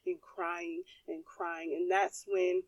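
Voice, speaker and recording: A woman's voice: on the low side, little pitch movement, takes it slowly, no room sound, highs cut off. Young woman, podcast host, candid emphatic testimony, dry close sound. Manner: candid and emphatic, addresses listeners as y'all. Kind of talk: personal testimony.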